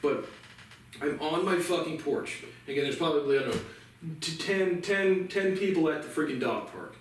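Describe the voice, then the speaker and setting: Agitated, profane man ranting on his porch, pitched a bit high, heard from off-mic with lots of echo and faint noise. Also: expressive, moderate pace. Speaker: vlogger. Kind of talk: rambling solo monologue. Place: outdoor porch. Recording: echoey and distant with faint noise.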